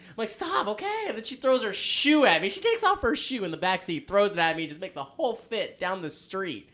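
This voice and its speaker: A man's voice: on the high side, fairly bright tone. A young man and band frontman telling rambling, self-mocking stories in casual chat, laughing often. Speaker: podcast guest, band frontman.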